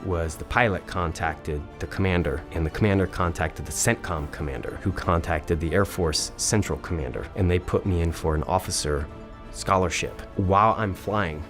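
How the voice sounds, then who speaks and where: A young man, an Air Force veteran, excitedly retelling a story and acting out the quoted dialogue in a casual way. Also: sits low, normal speed, over music. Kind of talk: animated personal storytelling.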